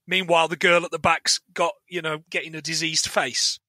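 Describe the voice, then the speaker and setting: A man's voice: fairly high pitch, flat delivery, brisk, bright, forceful tone, dry recording. A man, a guest on a podcast, rambling through his opinions with many restarts and repeated words. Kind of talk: casual film review chat.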